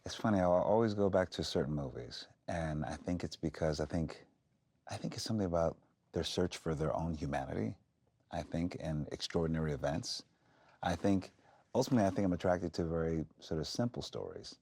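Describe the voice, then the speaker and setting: A man's voice: deep voice, animated, fairly quick, mellow, no room sound. A man who is an actor, a guest in a casual film discussion, talking thoughtfully with many restarts and "I think".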